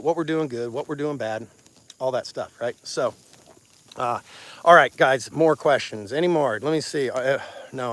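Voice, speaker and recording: A man with a Missouri accent, a rancher talking plainly and chattily with viewers in an outdoor phone livestream from his pasture. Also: fairly high pitch. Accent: Missouri Ozarks. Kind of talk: casual outdoor livestream talk. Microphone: phone on a selfie stick.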